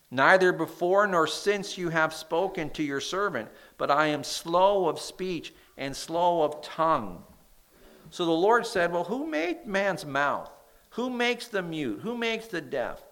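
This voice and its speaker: A man with a bright, nasal voice delivers a sermon, reading scripture with lively emphasis and letting his voice drop soft at the ends of points. It sounds like he is preaching to a congregation in a church. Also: fairly high pitch. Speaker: pastor.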